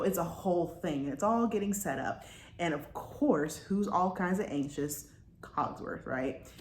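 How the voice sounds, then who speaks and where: A woman talking casually to her viewers about a book, chatty and full of asides. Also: deep voice. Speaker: book vlogger. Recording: roomy with faint background noise.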